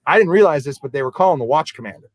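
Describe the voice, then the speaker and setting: A man, a podcast co-host, telling a story in a casual, animated way and acting out the people in it. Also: fairly high pitch, very fast, no echo, rough recording. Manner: animated, acts out quoted voices.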